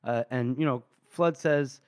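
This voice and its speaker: A man co-hosting a book podcast, retelling scenes in a casual, animated way and acting out the characters' lines with laughs. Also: medium pitch, a little slow, smooth, no echo, studio quality. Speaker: podcast co-host.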